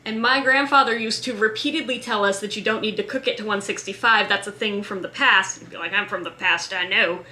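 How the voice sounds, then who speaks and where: Bright-voiced woman rambling in a casual vlog. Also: on the high side. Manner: chatty, scattered, quick asides and self-mocking. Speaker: vlogger.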